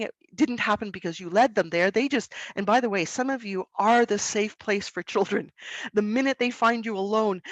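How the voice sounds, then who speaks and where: A woman presenting an online webinar to school staff, speaking in an earnest, gentle, unhurried way with pauses. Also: a little high, no echo.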